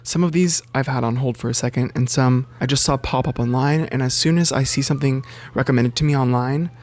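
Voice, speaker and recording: A man chatting casually to camera about books, animated and loose, swearing freely and jumping up in pitch for emphasis. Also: a little fast. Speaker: bookseller and book vlogger.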